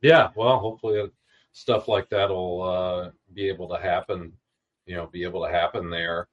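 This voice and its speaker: A man's voice: low voice, fairly even intonation, normal speed, muffled recording. A man hosting an interview, joking loosely and filling his questions with "you know". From the American South. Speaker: podcast host. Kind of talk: casual interview chat.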